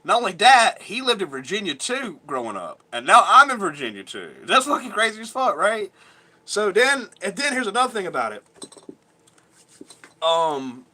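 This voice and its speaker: Brief: thirties guy vlogging, streetwise and cursing, bright edgy tone. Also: high-pitched, sing-song, normal speed. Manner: rambling, profane, streetwise. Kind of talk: casual storytelling.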